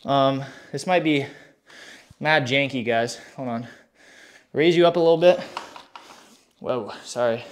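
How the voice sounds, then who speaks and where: A fitness streamer, out of breath, live-streams his workout and chats with viewers while exercising. His voice is medium-pitched, a little slow and pauses often, and he's hyped and slangy, reading the chat aloud.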